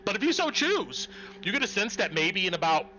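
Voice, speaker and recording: A man running a tabletop game, his bright, forceful voice sitting a little high. He lays out scenes in a measured way, pausing on fillers. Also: very animated, slight background noise. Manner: measured descriptive narration with fillers. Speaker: game master.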